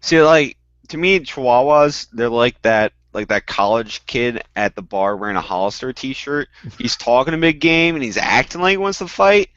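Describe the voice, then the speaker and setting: A man of middle pitch telling animated stories in a casual podcast chat, getting loud for the punchlines. His voice is dry and close to the mic. It comes through a dull, lo-fi online call. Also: normal speed, smooth, dry recording. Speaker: guest panelist.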